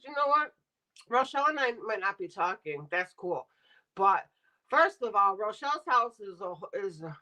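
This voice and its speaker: A woman's voice: medium pitch, sing-song, normal speed, bright, forceful tone, rough recording. A middle-aged woman streaming live, ranting bluntly and sarcastically while talking to her chat. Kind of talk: casual livestream rant.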